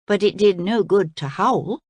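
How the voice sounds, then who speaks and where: A woman reading a children's story aloud in an expressive, lively way. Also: medium pitch, measured pace, dry recording, highs cut off. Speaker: storybook reader.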